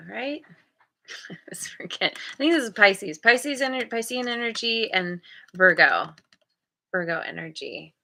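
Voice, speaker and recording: A woman's voice: mid-range voice, sharp tone. A woman giving a casual tarot reading, thoughtfully searching for words as she reads the cards aloud. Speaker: tarot reader.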